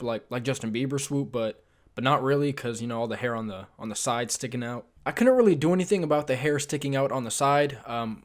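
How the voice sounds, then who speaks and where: A young man and vlogger telling a comic story about his past in a casual, self-mocking way, with frequent ums and uhs. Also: mid-range voice. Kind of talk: comedic storytime narration.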